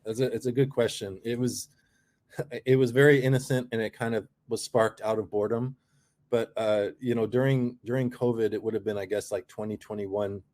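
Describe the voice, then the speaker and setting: A middle-aged product founder, appearing as a guest in a casual interview, tells a long, rambling story full of restarts and "you know" fillers. His mid-range voice is fairly even in intonation, somewhat dark in tone, and moves at normal speed.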